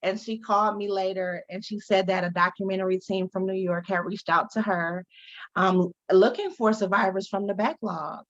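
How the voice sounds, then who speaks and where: A woman's voice: mid-range voice, steady tone, moderate pace. A woman advocate, a guest from Detroit, telling her story candidly in an interview and acting out the voices she quotes. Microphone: video call. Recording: dull lo-fi video call audio.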